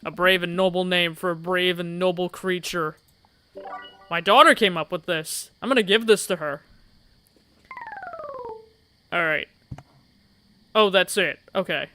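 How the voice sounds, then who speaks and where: A man hosting a game playthrough, reading the game text aloud and joking around in a playful, excitable way. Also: high voice, moderate pace, soft background music. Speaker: gaming channel host. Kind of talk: let's play commentary, reading game text.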